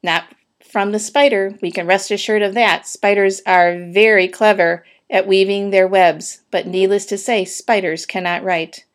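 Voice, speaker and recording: A woman's voice: medium pitch, steady tone, a little slow, natural voice. A woman voicing a pompous male county fair announcer who makes grandiose, flowery speeches in a storybook reading.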